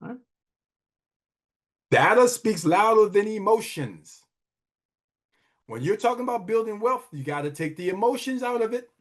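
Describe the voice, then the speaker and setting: Animated, high-pitched man preaching about money. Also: moderate pace, long pauses. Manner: emphatic, preachy, repeats phrases for effect. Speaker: wealth advisor and podcast host. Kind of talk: motivational money talk.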